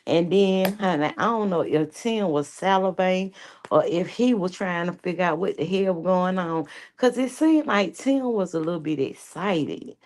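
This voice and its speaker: A woman telling a story in a casual storytime vlog, animated, laughing often and cursing freely. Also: lowish voice, low-quality recording. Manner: animated, profane, laughing, slangy. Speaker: vlogger.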